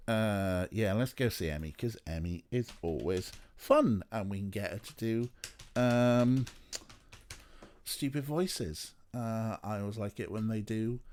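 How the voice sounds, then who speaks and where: A man's voice: lowish voice, sing-song, unhurried. A young man chatting casually while streaming a game, rambling with playful asides. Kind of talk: casual let's play chat.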